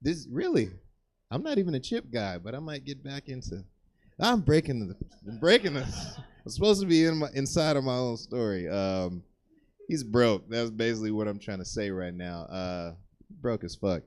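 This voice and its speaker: A man doing stand-up on a comedy theater stage, telling a loose, rambling story and jumping up in pitch to act out the people in it. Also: big pitch swings, moderate pace. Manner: loose and rambling, acts out characters with jumps in pitch.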